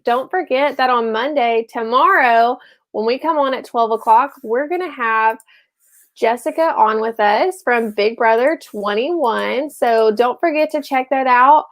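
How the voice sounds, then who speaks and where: A woman co-hosts a relaxed live show in a slightly high voice. She chats easily with frequent ums and quick laughs. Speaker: co-host. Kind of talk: casual live-show chat.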